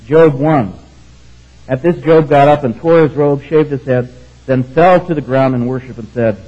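A man's voice: medium pitch, moderate pace. A man preaching a sermon, reading scripture and often checking in with his congregation. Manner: conversational, keeps checking in with the congregation. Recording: dull, muffled sound.

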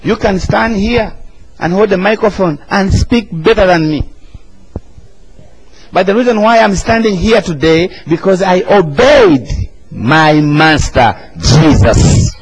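A man's voice: sits high, takes it slowly, slightly rough, poor audio. A man, preaching an emphatic sermon and calling the congregation to answer back. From Uganda. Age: 40s.

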